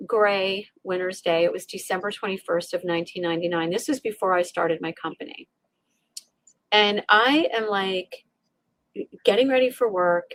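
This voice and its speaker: This middle-aged woman works as a resilience coach and appears as a podcast guest, telling a moving personal story with lots of energy, acting out her inner voices and restarting frequently. Her voice sits in the mid range, with no room sound.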